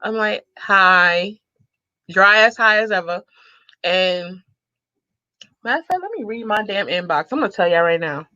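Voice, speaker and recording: A woman, telling a sassy, animated story to her viewers and laughing often. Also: mid-range voice, normal speed, pauses often, dry recording, dull audio. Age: 30s. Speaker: vlogger.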